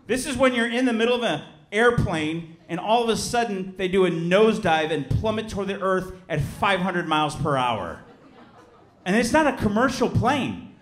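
Male stand-up comic in his 30s, from Chicago; high, bright voice; animated storyteller who shouts punchlines. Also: moderate pace, reverberant. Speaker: stand-up comedian. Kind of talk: stand-up comedy set. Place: theater stage before a live audience.

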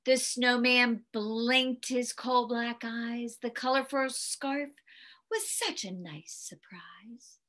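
A woman reading a picture book aloud to children, very expressive, with gasps and hushed whispery asides. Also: on the high side, slow pace. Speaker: storyteller.

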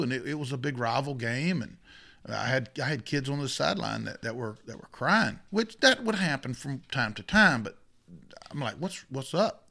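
A middle-aged youth football coach with a creaky, mid-range voice tells a story during casual chat. He's animated and keeps interrupting himself, restarting his sentences again and again.

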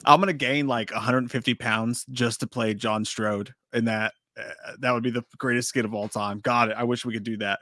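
A man's voice: medium pitch, steady tone, normal speed, few pauses, sharp tone, no echo, clean studio sound. A man co-hosting a casual livestream, laid-back and jokey, swearing freely. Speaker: livestream co-host.

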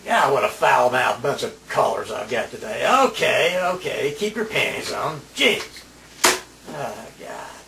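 A man's voice: medium pitch, animated, a little slow, gravelly, pushed and bright, roomy sound, recorded from a distance, slight background noise. A man playing a radio DJ in a comedy sketch, grumbling, exasperated and sarcastic.

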